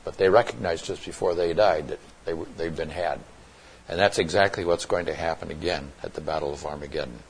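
A man with a very low, husky voice teaches through a scripture passage. He explains word meanings step by step, restarting phrases and stressing key points as he goes. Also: darkish tone. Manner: explanatory, with frequent restarts and emphatic asides. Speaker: Bible teacher. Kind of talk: expository Bible teaching.

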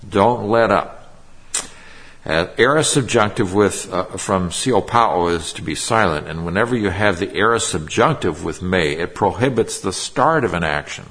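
A middle-aged male pastor delivers a sermon in a low, husky voice. He slows down to explain Greek verb forms and repeats the key phrases for emphasis.

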